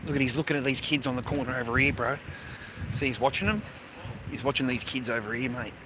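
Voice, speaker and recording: A man's voice: medium pitch, fast. Swearing Australian man on a noisy street. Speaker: livestreamer. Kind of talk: live street-stream commentary. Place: outdoors on a city street. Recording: loud street traffic noise. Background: traffic and street ambience.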